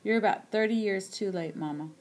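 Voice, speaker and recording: A woman's voice: medium pitch, brisk, a little mellow, close to an everyday voice. A bitter, hurt grown son, read by a woman.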